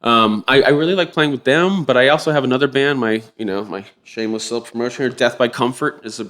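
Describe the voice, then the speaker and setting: A middle-aged man telling a story in a casual interview, acting out the quotes with sudden high-pitched outbursts and swearing freely. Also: quick pace, fairly bright tone. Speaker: drummer and podcast guest.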